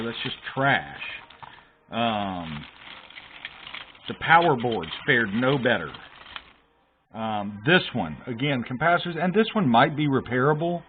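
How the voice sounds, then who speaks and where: Man ranting at a repair bench, tinny. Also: mid-range voice. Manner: emphatic, exasperated about shoddy work. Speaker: console repair hobbyist. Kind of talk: casual repair walkthrough. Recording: tinny phone-like sound with faint hiss.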